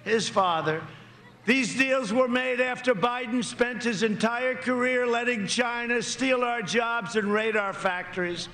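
A man's voice: very high-pitched, fairly even intonation, a little slow, few pauses, sharp tone. A man giving a campaign rally speech, emphatic and repetitive, with rambling asides. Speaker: political candidate. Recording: echoey rally recording.

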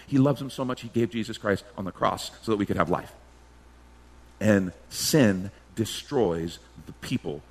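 A man's voice: lowish voice, a bit bright. A male pastor preaching a sermon emphatically, firing off rhetorical questions and slipping into mimicked voices.

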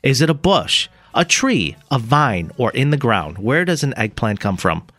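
Male morning radio co-host running a quiz game, lively and teasing, with light music under the studio mic. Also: mid-range voice, normal speed, dry recording. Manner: teasing, lively, reads out multiple-choice answers. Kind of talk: playful quiz hosting.

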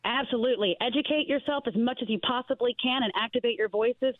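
Fast-talking woman on a tinny phone line. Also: on the high side, no room sound. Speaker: guest advocate. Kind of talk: phone interview.

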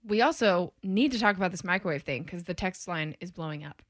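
A woman co-hosting a sports talk radio show, teasing her partners in quick back-and-forth chat. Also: on the low side, lively intonation.

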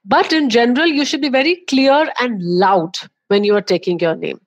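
A woman's voice: fairly high pitch, moderate pace, highs cut off. A woman with an Indian accent, a communication coach giving emphatic, instructive advice with examples in a podcast interview.

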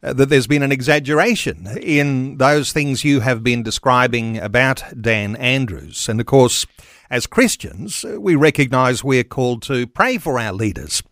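A male radio host leads an interview in a measured, earnest tone. His voice sits at a middle pitch, and the studio sound is dry and close. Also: fairly bright tone, no echo. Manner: measured, earnest, asking questions.

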